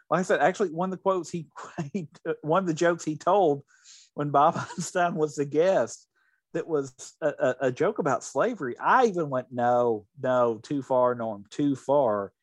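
A man co-hosting a casual podcast chat, talking in an animated way with many restarts. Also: fairly high pitch, no echo. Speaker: podcast co-host.

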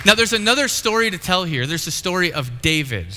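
A man's voice: high-pitched, sing-song, fairly quick, bright, forceful tone, a faint crowd, a little hiss or hum. A man preaching a sermon, telling a story in a playful, conversational way and acting out the quotes. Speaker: pastor. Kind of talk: sermon with live demonstration. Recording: reverberant hall.

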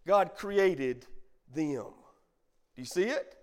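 High-voiced preaching pastor. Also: male voice, expressive, moderate pace. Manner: preaching with call-and-response, bursts of emphasis. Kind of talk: sermon.

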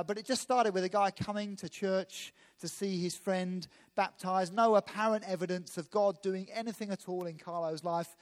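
A man from England preaching a sermon quickly and emphatically, turning to the congregation with asides. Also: high voice, a little mellow. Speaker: visiting pastor. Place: church hall. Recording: echoey church hall.

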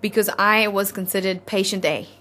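A woman's voice: medium pitch, steady tone, sharp tone. Earnest South African woman telling her story. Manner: earnest, halting, heartfelt. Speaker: interview guest. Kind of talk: personal storytelling in an interview.

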